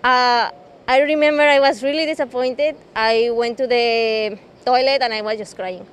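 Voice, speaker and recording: High-voiced woman. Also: fairly even intonation, moderate pace, smooth. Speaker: interviewee. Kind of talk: personal storytelling.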